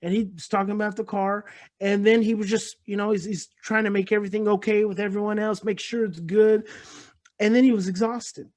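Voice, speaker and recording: A man's voice: sits high, brisk. Earnest man telling a parenting story. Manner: earnest, repetitive, explains calmly. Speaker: speaker on parenting and attachment. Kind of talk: lecture with personal story.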